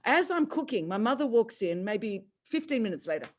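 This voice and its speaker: Animated Australian woman telling a story. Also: fairly quick. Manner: animated, acts out family dialogue with big pitch jumps. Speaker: speaker on a faith call. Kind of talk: personal storytelling.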